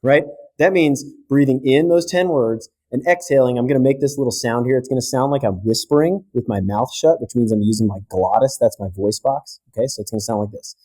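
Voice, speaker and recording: A man of middle pitch talks as a podcast guest, explaining breathing technique with real energy. He keeps things casual and often tags his points with a quick "right?" to check that the listener is with him. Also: mellow.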